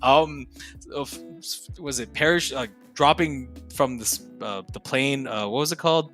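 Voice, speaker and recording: A man's voice: mid-range voice, moderate pace, a bit bright, soft background music. A young man, a streamer guest on a podcast, talking casually with heavy profanity and slang, laughing often.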